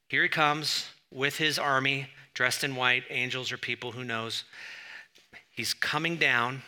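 A man preaching a sermon, conversational with asides, and rising loud when he reads scripture. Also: mid-range voice. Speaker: pastor.

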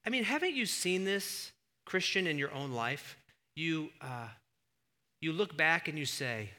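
Casting: male pastor, higher-pitched, very bright and forceful delivery, animated storyteller, long church-hall reverb. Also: normal speed. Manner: animated storyteller, surges to emphatic near-shouts. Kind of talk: sermon. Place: church sanctuary.

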